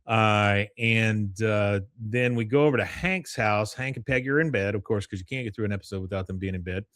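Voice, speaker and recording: A man's voice: on the low side, a little fast, fairly bright tone, no room sound, studio quality. Casual man recapping an episode. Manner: retells scenes, acting out character lines. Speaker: podcast host.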